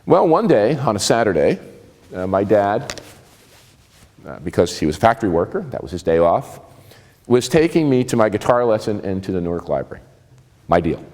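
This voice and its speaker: A man in his sixties from New Jersey with a New Jersey accent, telling personal stories in a lively, conversational and self-mocking way. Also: lowish voice, moderate pace, pauses often, in a large hall. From New Jersey, USA. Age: 60s. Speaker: speaker giving a talk. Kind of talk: personal storytelling talk.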